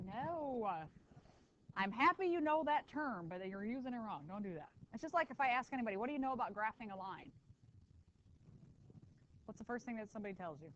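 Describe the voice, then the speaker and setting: A woman teaching a math class in a lively, conversational way, tossing quick asides to her students. Her voice sits somewhat high. The classroom recording is dull and lo-fi, with a faint hiss underneath. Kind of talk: classroom lecture.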